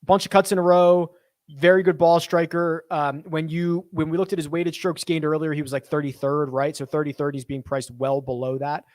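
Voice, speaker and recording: Casual live-stream host, young man, slightly higher voice, dry close mic, thinks out loud. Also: little pitch movement, moderate pace, dry recording. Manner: chatty, thinks aloud, reads viewer questions.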